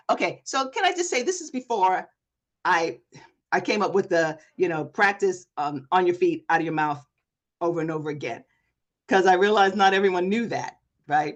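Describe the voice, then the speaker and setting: Energetic woman coaching a live online class. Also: medium pitch, fairly quick. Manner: energetic, talks straight to the audience with repeated questions. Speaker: presentation coach. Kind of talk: live online workshop talk. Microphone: video call.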